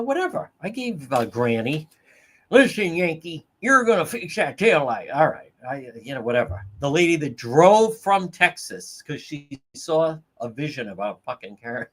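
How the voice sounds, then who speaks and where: A man hosting a livestream, telling stories in a casual, profane, laughing way. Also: on the high side. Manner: profane, laughing, animated storytelling. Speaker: livestream host.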